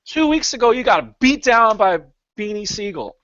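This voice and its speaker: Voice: mid-range voice, sing-song, normal speed, a bit bright. A podcast host on a video call, asking pointed, teasing questions in a casual chat. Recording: dull, dry online call audio.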